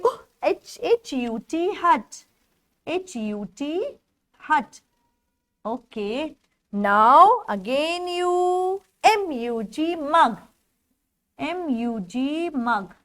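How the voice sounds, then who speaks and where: A high, bright-pitched woman with an Indian English accent teaches young children phonics at a slow, patient pace. She spells each word out letter by letter and praises the listener often, in a cheerful classroom manner.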